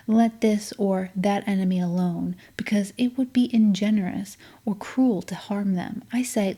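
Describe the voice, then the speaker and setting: A woman's voice: mid-range voice, dark tone. A woman reading the part of a proud, scornful young lady of the house, speaking sharply and emphatically in an audiobook.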